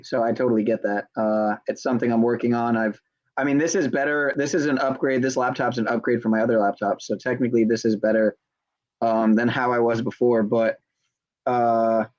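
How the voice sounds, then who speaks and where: A man hosting a casual livestream podcast, talking in a relaxed, rambling way. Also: medium pitch, dry recording, dull audio. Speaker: podcast host.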